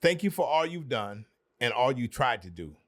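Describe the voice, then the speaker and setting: A man's voice: mid-range voice, big pitch swings, moderate pace, fairly bright tone. A man, a podcast guest, telling an earnest personal story with emphatic repetition.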